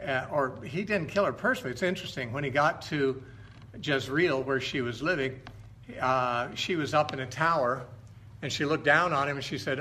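Bright-voiced middle-aged man retelling Bible stories. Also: mid-range voice. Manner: conversational, halting, often correcting himself. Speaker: Bible teacher. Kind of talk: informal Bible storytelling.

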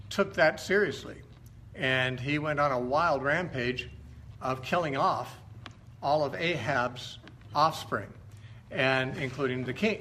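A middle-aged man retelling Bible stories in an informal teaching style, conversational and halting, often stopping to correct himself. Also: mid-range voice, sharp tone, slight background noise.

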